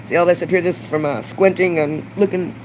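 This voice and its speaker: With a lowish, slightly mellow voice and fairly even intonation, this middle-aged Mississippi vlogger moves briskly through a raw confessional monologue to camera. Her Southern-accented talk is rambling, blunt and profane, sometimes rising, and the dull lo-fi recording has a little hiss or hum.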